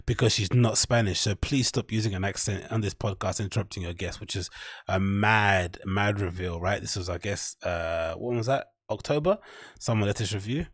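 A man's voice: lowish voice, husky, dry recording, studio quality. A man hosting his own podcast, rambling through casual solo commentary with lots of fillers and "right?" tags. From London. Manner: rambling, frequent fillers and tag questions. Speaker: podcast host.

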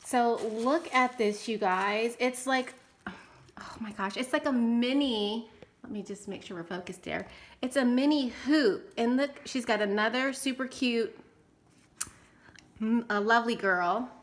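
Gushing high-voiced woman crafter. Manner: gushing, excited, quick-talking. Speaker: crafting channel host. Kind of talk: casual unboxing chat.

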